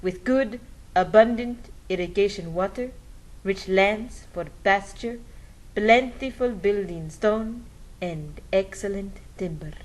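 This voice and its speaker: A woman's voice: mid-range voice, slow pace, natural voice, rough recording. A woman voicing a male Spanish friar with a put-on Spanish accent, reciting his admiring words in a grand manner. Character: Spanish male friar praising new land.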